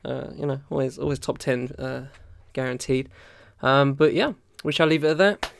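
Rambling man with a smooth, dry voice. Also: medium pitch, normal speed, no room sound. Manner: rambling, filler-heavy, loose and swearing. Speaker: podcast co-host. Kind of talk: casual chat.

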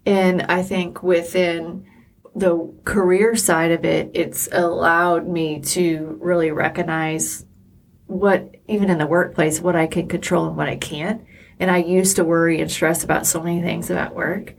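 Middle-aged female podcast co-host, low and gravelly, candid and emotional storyteller. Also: little pitch movement, unhurried. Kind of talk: casual chat.

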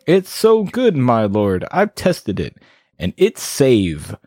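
A woman's voice: low voice, very animated, slow, dark tone, dry recording, studio quality, heavily acted. A woman voicing a fawning male rat servant, reading game dialogue aloud in a groveling, eager-to-please way.

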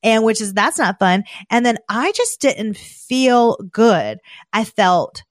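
A woman in her thirties from the American South, with a Southern accent, chatting casually as a podcast host and gushing with excited exclamations. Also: a little high, takes it slowly, no echo, studio quality. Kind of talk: casual chat.

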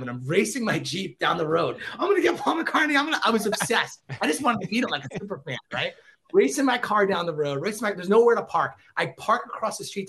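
A middle-aged man as a podcast guest, an excitable storyteller who acts out quotes in casual chat. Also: a little high. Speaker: podcast guest, former celebrity reporter.

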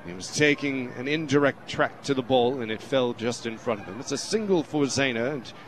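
A man's voice: mid-range voice, brisk, slight background noise. A man calling a baseball game on the radio in a playful, mock-formal, put-on English accent. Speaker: radio play-by-play announcer. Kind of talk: baseball play-by-play commentary. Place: radio broadcast booth.

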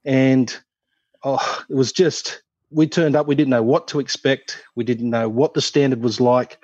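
A man, a former cricketer, telling lively anecdotes in a casual chat, laughing as he goes. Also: mid-range voice, a little slow, no echo, muffled recording. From Australia. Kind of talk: casual storytelling.

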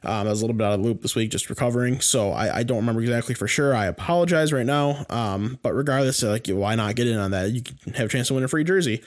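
A man's voice: medium pitch, fast talker, few pauses. A man co-hosting a sports podcast in casual chat, rambling and heated, with many restarts and fillers. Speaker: podcast co-host.

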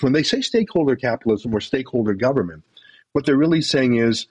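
A man speaking as an interview guest, emphatic and rapid, with mocking asides. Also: medium pitch, expressive, a little mellow, husky, no echo. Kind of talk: impassioned political commentary.

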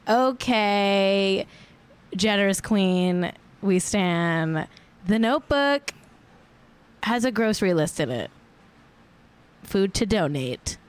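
A young American woman co-hosting a casual celebrity gossip chat, playful, jumping into squealy highs and swearing freely. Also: clean tone. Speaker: podcast co-host.

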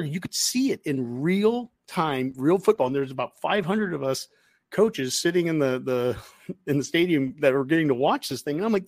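A man's voice: on the high side, a little mellow, no room sound. A man on a sports podcast talks football casually, and his voice climbs sharply whenever he gets worked up. The sound is dry and close, with no room around it. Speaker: podcast co-host.

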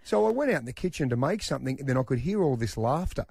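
A man's voice: mid-range voice, fast, creaky, breathy edge, dry recording, studio quality. A middle-aged man telling a self-mocking story on air. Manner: animated, self-mocking, acts out quotes. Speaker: radio host. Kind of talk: casual storytelling.

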